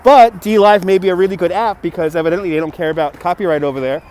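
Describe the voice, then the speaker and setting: High-voiced New man streaming outdoors. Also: fairly even intonation, quick pace, darkish tone. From Brooklyn, New York. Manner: chatty, reads viewer messages aloud and thanks donors. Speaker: livestream host. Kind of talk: casual livestream chat. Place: outdoors in a city by a river. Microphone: phone on a gimbal.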